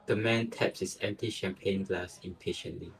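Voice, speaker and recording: A man narrating a story in a steady, measured way. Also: low voice, poor audio.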